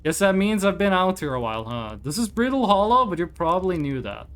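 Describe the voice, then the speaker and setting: A streamer reading aloud the lines of a nervous male alien explorer who is scared of space, in a rambling, apologetic manner and a mid-range voice that swings widely in pitch. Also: sing-song, fairly quick, a bit bright. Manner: rambling, self-deprecating, apologetic. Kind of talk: reading game dialogue aloud.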